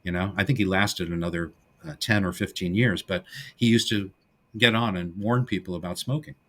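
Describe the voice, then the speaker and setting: A man's voice: low voice, moderate pace. A middle-aged man co-hosting a podcast, animatedly retelling classic comedy scenes in casual conversation. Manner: animated storyteller, acts out the film's lines in character. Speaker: podcast co-host. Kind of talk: casual film discussion.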